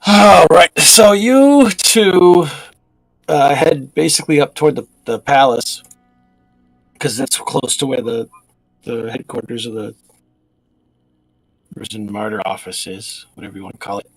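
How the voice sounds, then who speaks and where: A man's voice: mid-range voice, lively intonation, a little slow, creaky, pauses often, no echo, soft background music, poor audio. Casual man running a tabletop game. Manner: casual and loose, with many fillers and restarts. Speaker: game master.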